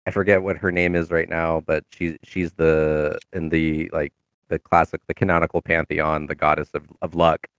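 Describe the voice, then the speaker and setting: A man's voice: extremely low pitch, level tone, moderate pace, fairly bright tone, clear, resonant tone, dry recording, clean studio sound. A man chatting casually about his game character, rambling with many fillers and restarts. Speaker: tabletop game player. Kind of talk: casual chat.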